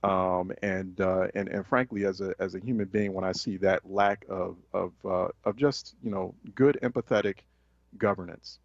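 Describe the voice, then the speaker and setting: Talk radio host from Philadelphia, fired-up and indignant, gravelly low voice, muffled sound. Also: male voice, fairly even intonation, moderate pace, dry recording. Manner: impassioned, indignant, with many fillers and restarts. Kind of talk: radio commentary.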